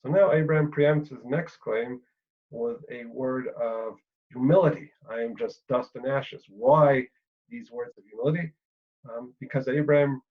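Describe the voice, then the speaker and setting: A man lecturing on a Bible passage, thinking aloud with pauses and fillers and often checking in with "right?". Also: medium pitch, narrow, tinny audio.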